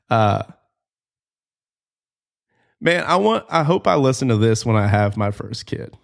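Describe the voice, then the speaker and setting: A man's voice: mid-range voice, very animated, a little slow, vocal fry, long pauses. A man in his late twenties hosting a podcast, talking candidly and earnestly about his life, with casual fillers and swearing, close to tears at times. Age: 20s. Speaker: podcast host. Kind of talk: personal reflective monologue.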